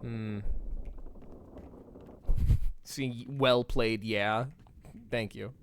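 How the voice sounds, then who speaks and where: A man's voice: mid-range voice, fairly even intonation, extremely slow, slight background noise. A man streaming a game, thinking aloud in a playful, rambling way and swearing casually as he talks to chat.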